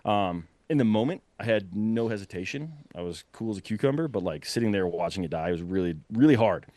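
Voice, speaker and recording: A young man casually telling a long story, animated and breathless, full of fillers and quick laughs. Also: lowish voice, no room sound. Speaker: podcast guest telling a hunting story.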